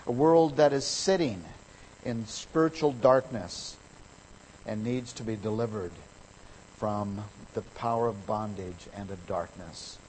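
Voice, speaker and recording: A man preaching a sermon as a pastor, emphatic, his voice swelling louder on key words. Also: on the low side, measured pace, a little hiss or hum, poor audio.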